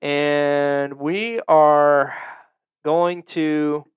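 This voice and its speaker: A man's voice: on the high side, fairly even intonation, extremely slow, smooth, narrow, tinny audio. A man hosting a podcast, telling a story in a casual, profane, joking way. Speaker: podcast host.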